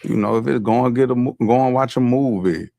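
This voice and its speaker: A man appearing as a guest on an interview show, talking in a laid-back, unhurried casual way. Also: mid-range voice, creaky, dark tone.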